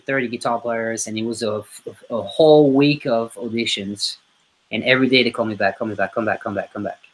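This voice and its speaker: A man in his forties from France, speaking English with an unmistakable French accent. He tells his stories in a lively way and slips into the voices of the people he quotes. His voice sits in the middle of the usual range for a man. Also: mid-range voice, poor audio. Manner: animated storyteller acting out quoted voices. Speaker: guest musician. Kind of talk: storytelling in a podcast interview.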